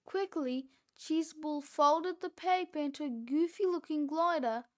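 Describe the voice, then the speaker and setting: A woman reading a children's book aloud, with expressive, deliberate narration. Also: high-pitched. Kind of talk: read-aloud storybook narration.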